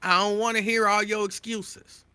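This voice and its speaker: A man's voice: high-pitched, normal speed, clean tone, no room sound. A male talk show host giving his opinions straight to listeners in an emphatic, repetitive way, addressing them directly. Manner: animated, emphatic, repeats his points, addresses listeners as y'all.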